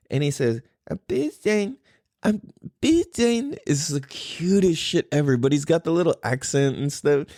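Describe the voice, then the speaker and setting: Young man, podcast host, lively swooping pitch, dry close sound, laughs often. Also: dry recording. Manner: animated, swearing, laughs a lot. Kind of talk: casual chat.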